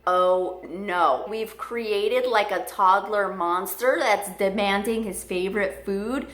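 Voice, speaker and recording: Chatty american woman telling a story, bright sharp voice, echoey room. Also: medium pitch, takes it slowly. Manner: chatty, filler-heavy with frequent "like". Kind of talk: casual storytelling. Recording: roomy echo.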